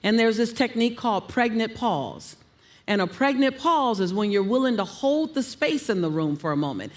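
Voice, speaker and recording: A woman coaching on public speaking, emphatic and animated, telling listeners what to write down. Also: on the high side, moderate pace. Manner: emphatic, animated, gives instructions.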